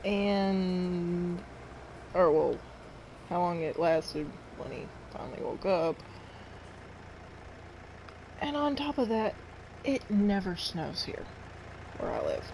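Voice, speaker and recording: A woman's voice: fairly low pitch, lively intonation, takes it slowly, pauses often, darkish tone, a little hiss or hum, low-quality recording. A woman streaming a farming game, chatting casually and rambling to her viewers. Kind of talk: casual live-stream chat while playing.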